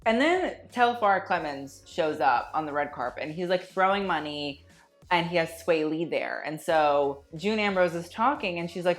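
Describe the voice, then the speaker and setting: A woman giving sarcastic, profane, gossipy commentary on a red carpet, with faint music behind her. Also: fairly low pitch. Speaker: fashion commentator. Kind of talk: casual commentary.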